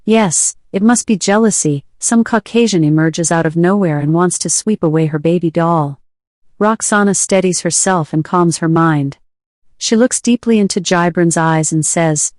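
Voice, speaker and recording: Woman, short story reading, lowish voice, dry close sound. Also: moderate pace, darkish tone, dry recording. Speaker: reader.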